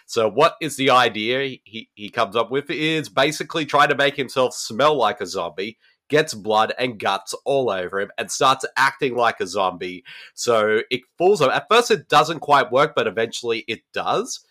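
A man hosts a casual horror podcast, recapping stories with eager, enthusiastic energy. His voice is bright and his pitch jumps around a lot as he talks. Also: normal speed. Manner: animated, enthusiastic retelling with fillers. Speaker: podcast host.

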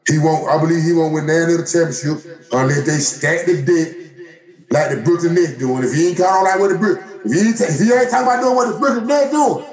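Man, slightly high voice, animated sports rant, echoey room. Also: quick pace. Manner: animated, repetitive, mock-quoting others in a raised voice. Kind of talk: casual sports banter.

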